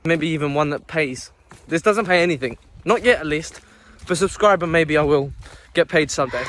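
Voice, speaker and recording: A young man with a fairly high voice vlogs on a handheld phone as he walks outdoors at night, talking to the camera at a normal speed. He chats in a jokey, self-mocking, nervous way. Background music plays over the noisy outdoor phone audio.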